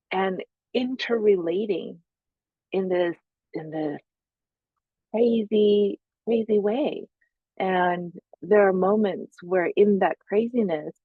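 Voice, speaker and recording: A woman's voice: medium pitch, breathy edge, dry recording. A woman psychotherapist talking through spiritual practice in a reflective monologue, searching for words with many fillers. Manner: searching, with many fillers and self-quoted asides. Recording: tinny phone-like sound.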